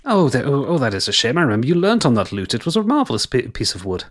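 A man's voice: sing-song, fast talker. A man voicing a theatrical, mocking older brother with a Cockney accent in a tabletop game. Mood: mock-sorrowful. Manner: theatrical, mocking, exaggerated swings in pitch.

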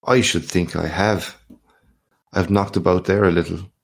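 A man reading aloud and voicing a boastful, hearty male journalist home from abroad, low and gravelly, with a swaggering, lively manner. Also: a little slow, exaggerated voice. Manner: boisterous, swaggering, lively questions.

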